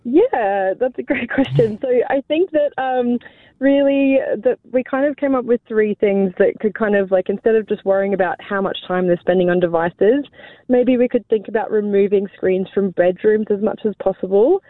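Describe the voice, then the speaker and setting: A woman's voice: mid-range voice, normal speed, no echo. Woman on a tinny phone line. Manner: chatty, frequent ums and light laughs. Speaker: sleep researcher guest. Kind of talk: phone interview.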